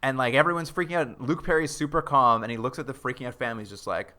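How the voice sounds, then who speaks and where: A podcast co-host retells a TV episode scene by scene, acting out the characters' lines in an animated way, quoting and laughing as he goes. His voice is medium-pitched and fast, and the tone is casual.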